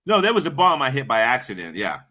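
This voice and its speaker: Talking quickly with a pushed, bright sound, a middle-aged man on a livestream swings wildly in pitch from a medium baseline. He tells his chat meandering, foul-mouthed stories and voices the people in them.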